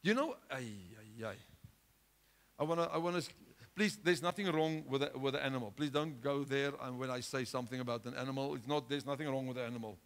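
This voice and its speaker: A male pastor preaching a sermon with a South African accent, swinging between loud urgent exhortation and quiet, low asides. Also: quick pace. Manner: impassioned preaching, rising loud then dropping low.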